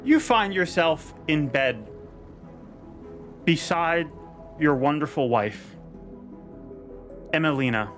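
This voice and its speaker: A man's voice: a little high, lively intonation, a bit bright, soft background music. Man narrating a tabletop adventure. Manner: vivid descriptive narration, slowing down for dramatic effect. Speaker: dungeon master. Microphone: headset.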